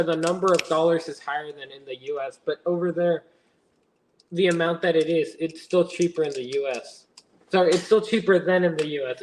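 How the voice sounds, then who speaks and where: This is a young adult man hosting a laid-back build livestream, reading chat out loud and rambling through his replies. His pitch leans high, and a faint hiss or hum sits under the audio.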